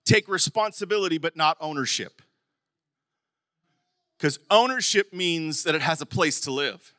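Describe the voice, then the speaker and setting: A middle-aged man preaching a sermon as pastor, animated, with sudden emphatic bursts and some stumbling over words. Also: on the high side, measured pace, dry recording, clean studio sound. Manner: stumbles and repeats words at times.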